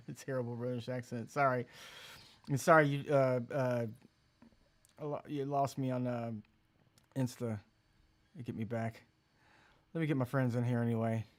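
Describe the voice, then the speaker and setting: A man's voice: mid-range voice, level tone, unhurried, pauses often. A man hosting a casual livestream chat, rambling and joking loosely. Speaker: host.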